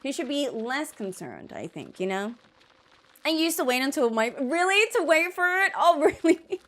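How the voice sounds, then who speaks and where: Higher-voiced woman ranting over gameplay. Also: very animated, moderate pace, fairly bright tone. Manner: rambling, exasperated, jokey complaining. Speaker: streamer. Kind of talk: gameplay commentary.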